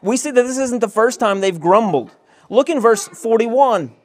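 A man's voice: extremely high pitch, animated, moderate pace, darkish tone. A male pastor preaching an expository sermon, reading scripture verses aloud and asking the listeners rhetorical questions.

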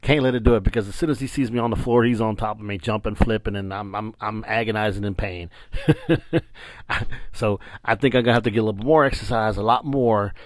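A man in his forties telling a funny family story in a casual, animated way, often breaking into laughter, while recording on a bedroom floor. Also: lowish voice, fairly quick, background noise. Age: 40s. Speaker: vlogger. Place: lying on a bedroom floor indoors.

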